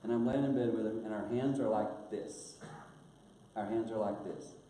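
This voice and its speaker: An older man telling a personal story in a sermon, earnest, growing hushed at painful moments. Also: fairly low pitch, steady tone, normal speed. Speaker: guest speaker. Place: church auditorium. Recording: very echoey church hall, faint hiss.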